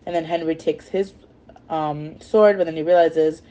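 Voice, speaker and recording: A woman's voice: sits low, fairly even intonation, normal speed, mellow. A woman casually retelling chapters of a novel in a rambling way, full of fillers and self-corrections. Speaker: storyteller.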